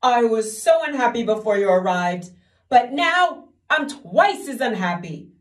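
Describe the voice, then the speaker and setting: A woman voicing a weepy, self-pitying male king with a high, sobbing wail. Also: animated, unhurried, echoey room, recorded from a distance.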